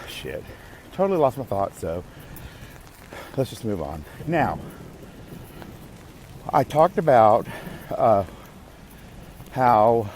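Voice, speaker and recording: Man, podcast host, rambling monologue, lowish voice, faint noise behind. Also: a little mellow. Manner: rambling, self-interrupting, occasional swearing.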